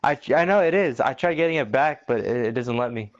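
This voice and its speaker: A man chatting casually alongside a gameplay commentary, excitable and quick to laugh. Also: medium pitch, dull audio. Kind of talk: casual chat.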